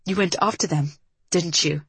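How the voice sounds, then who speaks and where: A woman's voice: fairly low pitch, normal speed, fairly bright tone, slightly rough, no echo, exaggerated voice. A woman voicing a commanding, short-tempered young man who speaks in a strained, accusing way.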